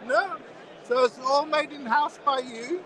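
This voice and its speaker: A man's voice: extremely high pitch, measured pace, fairly bright tone, poor audio. A man hosting a live stream, chatting enthusiastically as he walks around a watch fair and asks exhibitors questions. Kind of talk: casual walk-around commentary. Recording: crowd chatter from a busy fair.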